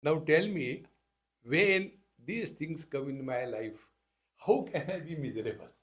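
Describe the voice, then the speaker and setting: A man's voice: fairly high pitch, expressive, a little slow, a bit bright. Indian man telling stories in a spiritual talk. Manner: storytelling, acting out dialogue, wry humor. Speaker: spiritual teacher. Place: talk to a live audience.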